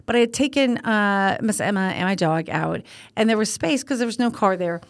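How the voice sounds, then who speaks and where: An older woman co-hosts a casual podcast, speaking at normal speed in a medium-pitched voice. She tells stories in a rambling, animated way, restarting her sentences often.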